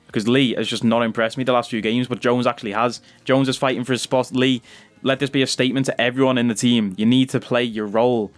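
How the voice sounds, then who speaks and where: Excitable gaming commentator. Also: male voice, mid-range voice, fast talker. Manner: chatty, excitable, bursts into loud cheers on goals. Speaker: gaming YouTuber. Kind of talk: gameplay commentary.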